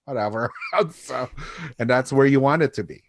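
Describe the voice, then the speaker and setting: A man speaking as an expert guest in a relaxed conversation from home, measured and thoughtful, often chuckling. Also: mid-range voice, gravelly, no room sound. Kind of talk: casual conversation.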